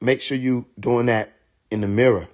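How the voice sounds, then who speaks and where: A man's voice: medium pitch, steady tone, moderate pace. A young adult man hosting a live stream, talking casually and animatedly, laughing often and mimicking others.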